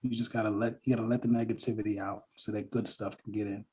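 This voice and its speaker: Man guest, husky, mellow, halting and thoughtful. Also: fairly low pitch, little pitch movement. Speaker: guest, NICU parent. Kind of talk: podcast conversation.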